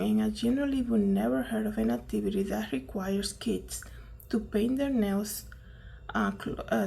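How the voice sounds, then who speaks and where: A woman's voice: mid-range voice, vocal fry, mellow, a little hiss or hum. A woman giving casual, indignant commentary, full of fillers and rhetorical "right?" questions. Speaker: commentary vlogger.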